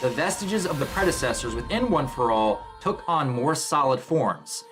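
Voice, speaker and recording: Man reading as a solemn hero spirit, grave, low, slow, measured. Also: lively intonation, soft background music, close to an everyday voice. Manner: slower, lower, grave reading. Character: solemn ancient male hero spirit, the first wielder.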